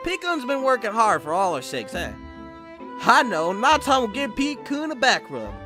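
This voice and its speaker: A man's voice: big pitch swings, unhurried, heavily acted. A man putting on a cheerful young idol girl's voice with a country drawl, over game music. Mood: sweet, caring. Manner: high put-on voice with a country drawl.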